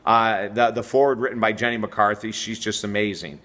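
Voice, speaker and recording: Bright-voiced middle-aged male coach. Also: on the low side, brisk. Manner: energetic, conversational, coaching tone. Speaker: relationship coach and show host. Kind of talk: direct-to-camera advice video.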